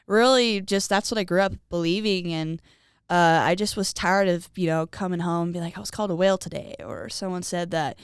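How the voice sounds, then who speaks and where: A young woman speaks in a pitch a little lower than most women's. Her voice is very smooth and clean. The recording is dry and close. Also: moderate pace, no room sound. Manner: animated, acts out quoted voices, frequent "like". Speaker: guest. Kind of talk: casual conversational storytelling.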